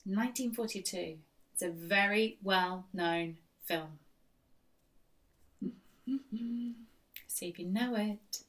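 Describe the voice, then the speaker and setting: A woman's voice: medium pitch, slow, long pauses, fairly bright tone. A woman hosting a live-stream quiz, reading out questions and repeating them in a chatty, teasing way. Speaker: quiz host. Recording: voice distant from the mic.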